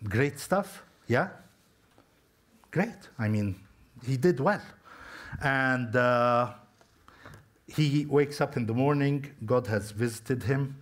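A man's voice: medium pitch, slow, long pauses. A man preaching a sermon, telling a story conversationally and talking straight to his listeners. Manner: storytelling, talks to listeners directly.

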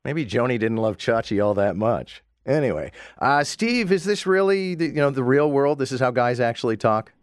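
A man's voice: medium pitch, big pitch swings, normal speed, hardly any pauses, smooth, dry recording, studio quality. A man hosting a morning talk radio show, chatting with callers and guests and dropping wry asides. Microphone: studio microphone.

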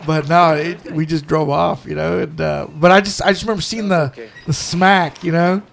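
A man's voice: on the high side, fairly even intonation, normal speed, gravelly, fairly bright tone, slight background noise. A man in casual, joking chat with a friend while they watch a movie, telling stories and swearing freely. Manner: joking, storytelling, profane.

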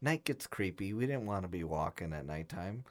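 A man's voice: sits low, normal speed. A young man co-hosting a podcast, casually telling a funny story, acting out the voices of friends and laughing along. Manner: animated storyteller, acts out quotes, laughs often. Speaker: podcast co-host.

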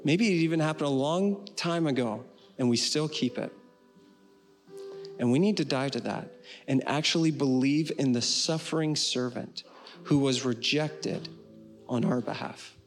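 A man pastor preaching a sermon in an earnest way, slowing down on key phrases and closing with a prayer. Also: medium pitch, soft background music. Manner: earnest, slows for emphasis and ends with prayer.

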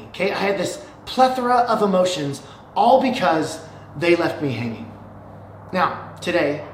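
A man in his thirties preaches with animated emphasis and a slightly raised voice. He repeats key phrases and keeps checking in with a quick "okay?" His voice echoes around the room over a faint background ambience. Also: sits high, a little hiss or hum. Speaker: pastor. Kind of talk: sermon.

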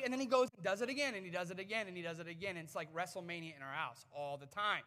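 A man in his thirties preaches to his congregation in a chatty, animated way, with humorous stories along the way. His voice sits high and rings bright. The microphone catches a long, echoing reverb from the church hall. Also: racing, few pauses. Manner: conversational, animated storytelling with humor. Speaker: pastor. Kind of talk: sermon. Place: church sanctuary before a congregation.

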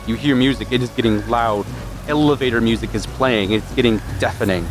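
A man running a tabletop role-playing game as game master, narrating in a halting way with repeated words. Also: mid-range voice, music in the background.

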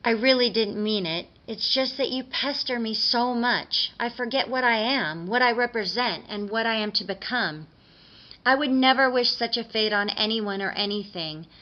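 A woman's voice: a little high, moderate pace, sharp tone. A woman voicing a prim, earnest tooth fairy who scolds and then apologizes, on slightly dull audio. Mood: apologetic.

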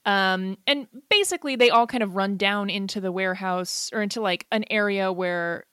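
A woman's voice: medium pitch, normal speed, pushed and bright, clear, resonant tone, no room sound, studio quality. A young woman co-hosting a podcast, chatting casually about a movie with lots of fillers and swearing. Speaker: podcast co-host.

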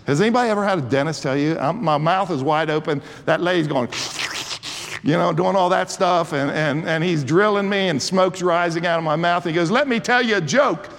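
Sixties male pastor, fervent preaching with restarts, a touch high-pitched, long reverb of a church hall. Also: a little fast. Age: 60s. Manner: preaching with rising fervor and frequent restarts. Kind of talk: sermon.

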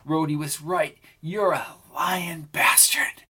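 A man voicing Pam, a hardened, sharp-tongued outlaw woman in an audiobook western, with a raised, defiant voice. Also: on the high side, steady tone, takes it slowly, husky, voice pushed up, exaggerated voice. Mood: bitter.

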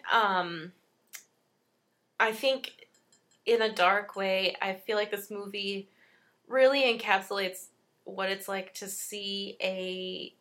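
A woman's voice: mid-range voice, fairly even intonation, takes it slowly, long pauses, fairly bright tone. Enthusiastic woman gushing over a film. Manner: enthusiastic, laughs while retelling scenes. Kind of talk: casual chat about a film.

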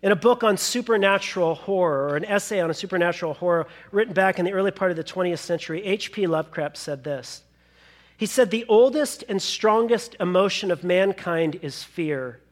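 A man preaching a sermon to a congregation, telling the story with lively acted-out asides. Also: high-pitched, brisk. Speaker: pastor.

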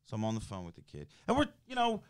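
A business development director with a New Jersey accent tells a story in casual conversation, acting out both sides of phone calls and getting heated. His voice is on the low side, clear and resonant, with wildly swooping pitch, and he talks fast.

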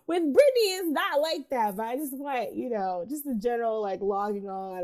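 A woman's voice: on the high side, animated, a little fast, hardly any pauses, dark tone. A woman co-hosting a film podcast in casual chat, candid and worn out, swearing casually and laughing often. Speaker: podcast co-host.

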